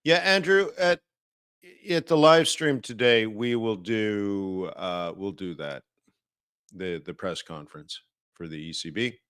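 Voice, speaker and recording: A man's voice: fairly low pitch, measured pace, fairly bright tone, clean tone, dry recording, studio quality. A man hosting a live market-analysis stream, talking casually and rambling with many fillers and restarts.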